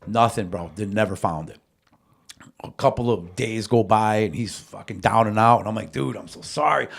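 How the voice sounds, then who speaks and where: A man's voice: lowish voice, fairly even intonation, normal speed, vocal fry. A man hosting a podcast, telling a story in a casual, slangy, profane way with lots of animation. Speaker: podcast host.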